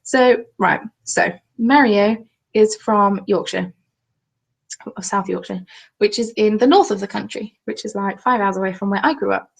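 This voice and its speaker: Young southern English woman, mid-pitched with vocal fry; chatty, jokey home live-stream host on a webcam. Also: normal speed, low-quality recording. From England. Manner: chatty, jokey, reads viewer comments aloud. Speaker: craft vlogger. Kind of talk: casual live-stream chat. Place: at home, seated.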